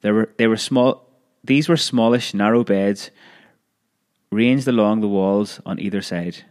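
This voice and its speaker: A man with a fairly low voice reads a memoir aloud. He keeps a steady, measured storytelling pace. Now and then he stumbles and restarts a word. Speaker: narrator.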